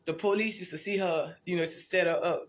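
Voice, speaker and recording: A woman's voice: on the low side, steady tone, fairly quick. A woman tells her life story in a blunt, profane, rambling way, often restarting and repeating herself. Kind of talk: casual storytelling monologue.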